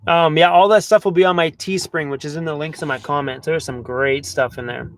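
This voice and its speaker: High-voiced Canadian man chatting live. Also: steady tone, fairly quick, a bit bright. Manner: chatty, loose, frequent fillers and apologies. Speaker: livestream host. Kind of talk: casual livestream chat. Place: inside a camper van.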